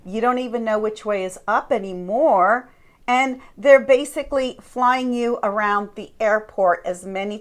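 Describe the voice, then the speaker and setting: A woman speaking slowly and deliberately in a somewhat high voice, an earnest coach teaching her listeners. She leans on key words with emphasis and often turns to the audience with direct questions. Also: a bit bright. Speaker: life coach.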